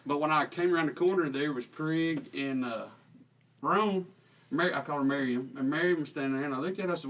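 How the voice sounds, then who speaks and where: Man in his twenties, guest storyteller; folksy, self-deprecating delivery in a higher register, recorded from a distance. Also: brisk, fairly bright tone. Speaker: teacher guest. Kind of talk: casual storytelling.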